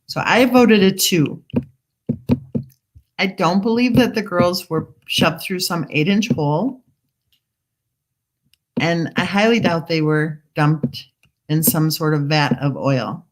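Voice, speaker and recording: A woman's voice: fairly low pitch, slow, pauses often. A woman hosting a casual true crime livestream, reading viewer comments aloud and questioning the story, talking while she eats. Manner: skeptical, questioning. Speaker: true crime channel host.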